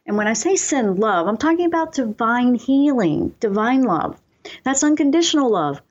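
A woman hosting a radio talk show on spiritual self-help, coaching listeners earnestly and slowing down for affirmations. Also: fairly high pitch, big pitch swings, darkish tone, dull audio.

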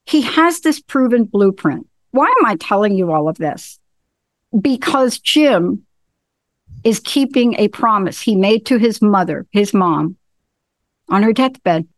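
A woman's voice: fairly high pitch, dry recording. A woman hosting a talk show in casual chat, enthusiastic, often repeating and restarting her phrases. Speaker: show host.

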